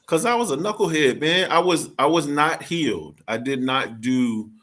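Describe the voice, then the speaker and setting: A man's voice: a little high, animated, normal speed, a bit bright. A man speaking as a guest, telling his story in an earnest, confessional way with casual slang. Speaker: podcast co-host, guest. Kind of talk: candid personal testimony.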